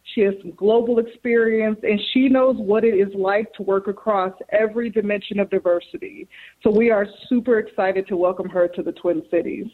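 A woman's voice: medium pitch, steady tone, normal speed. A woman calling in as a guest, speaking in an upbeat, enthusiastic way. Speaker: corporate guest. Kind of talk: phone interview. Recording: tinny phone line.

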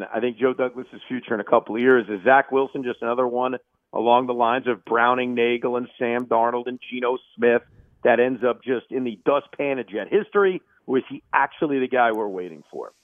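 A man's voice: mid-range voice, brisk, dry recording. A man who is a sports radio host, giving emphatic, opinionated takes as an interview guest. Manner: emphatic, opinionated, animated bursts. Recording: tinny phone line.

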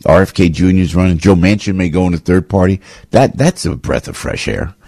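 A man with a very low, husky voice hosts a radio talk show. He rants through a fired-up political monologue and keeps repeating his lines. The sound is dry and close to the mic. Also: brisk, a little mellow, dry recording. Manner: fired-up, ranting, repeats phrases.

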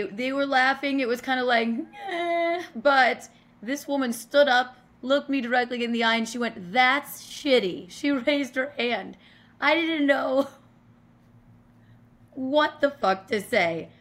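A woman comedian, a guest on a podcast, telling a stage story in a casual, animated way with swearing and laughter. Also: fairly high pitch, measured pace.

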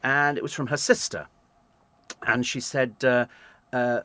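A man, a radio presenter telling animated stories in an interview. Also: medium pitch, measured pace, pauses often, no echo. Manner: animated anecdotes, acts out quoted voices. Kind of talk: storytelling in an interview.

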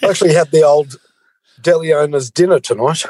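A man's voice: on the high side, brisk, darkish tone, no room sound, low-quality recording. Aussie bloke calling in from his car, laid-back and dry, tight dead sound. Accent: Australian. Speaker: radio co-host. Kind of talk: casual radio banter. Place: in a parked car.

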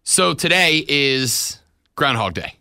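A man on a sports talk radio show with a bright, forceful voice that sits a little high. He teases and hypes with animated energy. The studio sound is close and dry. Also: slow, clean tone, no echo. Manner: teasing, animated hype.

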